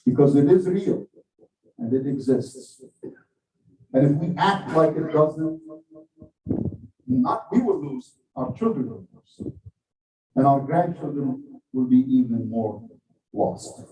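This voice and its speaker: A man preaching a Friday sermon, telling a story with measured, earnest emphasis and then exhorting his listeners. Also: medium pitch, animated, mellow, slight background noise. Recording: echoey hall, voice from a distance.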